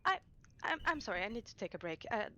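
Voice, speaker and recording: A woman in character as a council member in a roleplay, flustered and halting. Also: mid-range voice, big pitch swings, sharp tone, lo-fi sound, a little hiss or hum.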